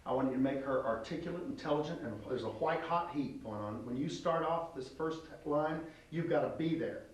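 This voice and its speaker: A man's voice: a little high, fairly quick. A man coaching an actress through an audition tape, blunt and direct, acting out lines as he goes. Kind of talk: coaching an actor at an audition taping. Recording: echoey room, mic far off, faint hiss.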